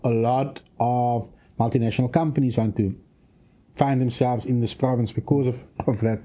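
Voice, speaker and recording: A man, a provincial minister giving a radio interview in long, measured policy statements. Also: medium pitch, fairly even intonation, mellow. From South Africa. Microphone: studio microphone.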